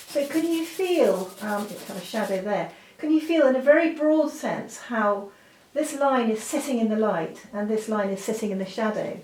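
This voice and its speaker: A woman's voice: medium pitch, expressive, normal speed, hardly any pauses, a little mellow. A woman giving a drawing lesson, chatty and full of fillers, often breaking off with apologetic asides. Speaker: art teacher. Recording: roomy, from a distance, faint noise.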